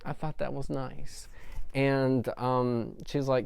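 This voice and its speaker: Smooth-voiced man recapping an episode. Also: mid-range voice, flat delivery, slow, darkish tone, dry recording. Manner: rambling, many fillers. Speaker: film reviewer.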